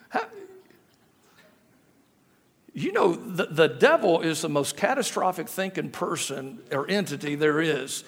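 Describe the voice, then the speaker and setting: High-voiced preacher in a reverberant church. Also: male voice, very animated, a little slow, long pauses, breathy edge. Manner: humorous storytelling, repeats phrases, rhetorical questions. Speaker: guest preacher. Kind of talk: sermon. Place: church sanctuary. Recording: echoey church hall with long reverb.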